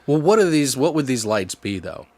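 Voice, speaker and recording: A man in casual podcast chat, tossing out story ideas with lively energy. His voice sits at an ordinary pitch. The recording is close and dry, with no room sound around him. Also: no echo. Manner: animated, quick to act out quoted lines. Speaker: podcast co-host.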